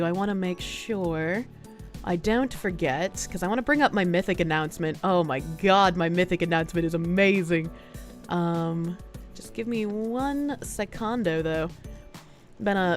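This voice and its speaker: A woman's voice: on the low side, normal speed, soft background music. A woman livestreamer chatting casually and reading viewer messages aloud with frequent thanks, feeling sick with nausea and hiccups, often laughing.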